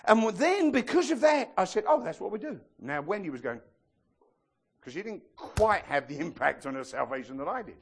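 A man preaching a sermon, telling stories with animated shouted impressions. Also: high-pitched, moderate pace, breathy edge. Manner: animated storytelling, bursts into excited shouted impressions.

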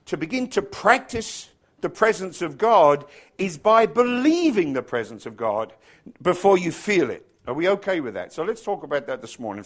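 Chatty English pastor, joking sermon. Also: male voice, sits high, sing-song, moderate pace. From England. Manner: chatty, joking with the congregation, bursts of mimicry. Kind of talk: casual sermon.

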